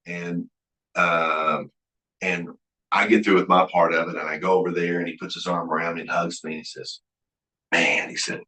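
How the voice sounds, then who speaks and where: A deep-voiced middle-aged man teaches at a Bible college, folksy and earnest, stumbling into restarts as he acts out old conversations. His low voice carries around an echoey room. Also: little pitch movement, normal speed, pushed and bright. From Oklahoma. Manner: folksy, earnest, with frequent restarts and quoted dialogue. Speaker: guest speaker at a Bible college. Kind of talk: sermon-like leadership lecture with storytelling.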